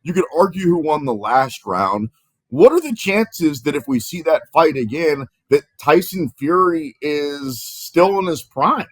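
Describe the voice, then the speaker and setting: A man hosting a sports podcast, moving briskly from topic to topic. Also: a little high, a bit bright, husky, dry recording. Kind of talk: casual sports talk.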